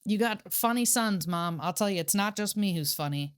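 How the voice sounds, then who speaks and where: A young woman co-hosting a casual podcast, telling stories in a profane, animated way with sarcastic asides. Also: mid-range voice, moderate pace, smooth. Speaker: podcast co-host. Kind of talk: casual true-crime podcast chat.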